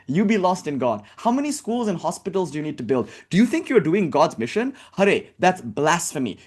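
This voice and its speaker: A man giving a spiritual talk in a casual, animated way, with many fillers and sarcastic rhetorical questions. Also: fairly high pitch. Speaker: spiritual teacher. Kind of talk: impassioned talk.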